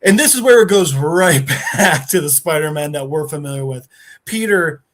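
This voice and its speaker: A man's voice: a little high, normal speed. Man animatedly retelling a story. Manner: animated retelling, briefly acting out characters' lines. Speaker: podcast co-host. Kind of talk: casual plot recap.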